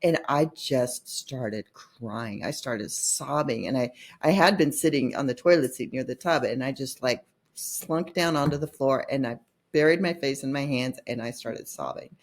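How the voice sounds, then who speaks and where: A middle-aged woman with a low, slightly husky voice speaks as a podcast guest. She tells personal stories with lively quoted dialogue and an easy, candid manner. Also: normal speed. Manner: animated retelling with quoted dialogue and laughs. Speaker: podcast guest, consultant and author. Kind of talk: candid storytelling in conversation.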